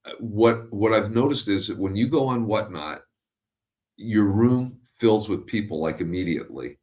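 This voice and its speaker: A man hosts a casual interview, asking questions and reacting with open enthusiasm. His voice sits a little low for a man. His talk is blunt and unpolished, with the odd casual swear. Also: expressive, normal speed, a little mellow. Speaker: interview host.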